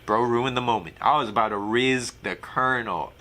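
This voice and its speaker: A man's voice: mid-range voice, normal speed. A man hosting a comedic let's-play, reading game text aloud and throwing in jokes. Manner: animated, jokey, reads game text aloud with quips. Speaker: gaming channel host.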